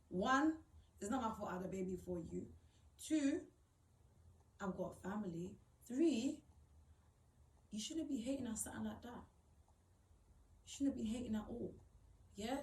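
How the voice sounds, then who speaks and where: A woman's voice: a little high, darkish tone, roomy sound, distant mic, low-quality recording. A young woman telling a personal story to camera, blunt and swearing, rising to indignant outbursts. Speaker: vlogger.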